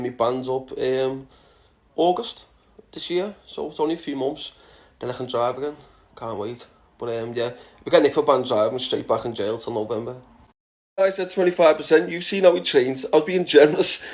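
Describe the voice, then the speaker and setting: Here the same kind of voice sounds a little mellow at medium pitch: a man from England in his thirties casually answering questions from followers. Blunt and sweary, he often addresses people as lad.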